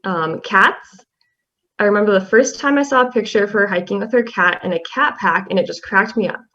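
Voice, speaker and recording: A young woman, a class representative, reading a tribute poem in a soft-spoken, halting way with fillers. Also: mid-range voice. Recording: slightly dull lo-fi audio.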